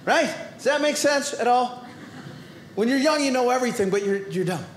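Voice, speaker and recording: Boston man, stand-up comic, very high voice, roomy live stage sound, playful shouty delivery. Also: normal speed, slight background noise. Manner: animated, playful delivery with shouted asides and sudden quiet drops. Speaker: stand-up comedian. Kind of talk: stand-up comedy routine. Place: comedy club stage before a live audience.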